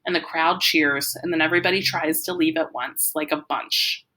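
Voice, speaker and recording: A woman reading a novel aloud, giving a lively first-person narration. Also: low voice, moderate pace. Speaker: audiobook reader.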